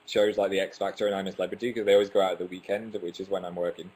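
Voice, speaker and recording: Speaking through a webcam mic, a young livestream host races along in a low, level, slightly mellow voice. He chats casually, reads viewer comments, pokes fun at himself, and sometimes trips over his words.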